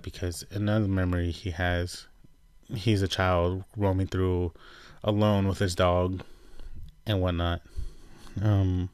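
Man, very low voice, dry close sound, casual show recap, chatty, lots of "like", acts out quotes. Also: flat delivery, a little slow, pauses often, a little mellow, clear, resonant tone, no echo. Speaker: show reviewer.

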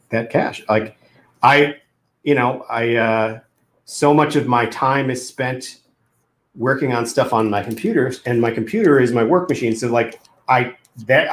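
A man's voice: medium pitch, normal speed. A man who makes games, chatting casually with a lot of restarts and fillers. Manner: hesitant, many restarts and fillers, laughs often. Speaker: game developer. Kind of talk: casual podcast chat. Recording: roomy echo.

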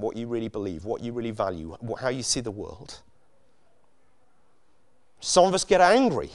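A man preaching a sermon in a conversational way, asking his listeners many rhetorical questions. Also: medium pitch.

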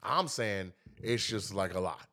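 A man co-hosting a casual podcast, teasing and animated, jumping into high exaggerated voices when he quotes people. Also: a little slow. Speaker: podcast co-host.

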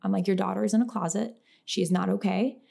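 A young woman from Western New York telling stories in casual, profane podcast chat, acting out quotes with lively energy. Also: medium pitch, gravelly. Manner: animated, profane, quick storytelling with acted quotes. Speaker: podcast guest.

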